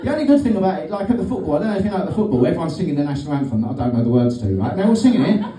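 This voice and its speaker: A man's voice: a little high, very animated, racing, warm tone. A middle-aged man doing a rambling, sweary, sardonic stand-up comedy set on a club stage. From Britain. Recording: roomy stage sound from a distance.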